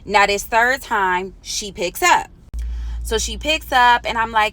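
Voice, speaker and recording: Animated woman telling a storytime. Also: a little high, takes it slowly. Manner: animated, slangy, dramatic retelling. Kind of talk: casual storytime.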